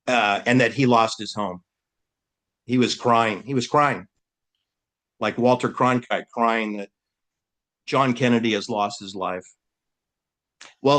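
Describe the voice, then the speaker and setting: A man rambling through casual commentary on his own channel. He talks in a mocking, animated way and keeps firing off rhetorical questions. His voice leaps up high for emphasis, then drops back to a middling pitch. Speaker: channel host.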